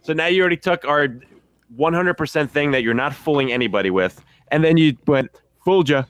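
A man's voice: on the high side, a little fast, fairly bright tone, clean tone, no room sound, clean studio sound. A man talking in casual podcast chat, ranting profanely and animatedly about a movie.

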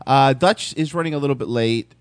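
A man's voice: mid-range voice, a little fast, smooth, dry recording. A man hosting a live comedy podcast, joking around with his co-hosts and laughing often. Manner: laughs often, animated and incredulous. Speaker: podcast host. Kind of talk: casual live podcast banter.

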